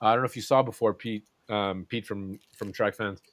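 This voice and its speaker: A man's voice: lowish voice, fairly even intonation, moderate pace, fairly bright tone, slight background noise. A man hosting a casual chat, rambling along with lots of ums and restarts. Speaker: host.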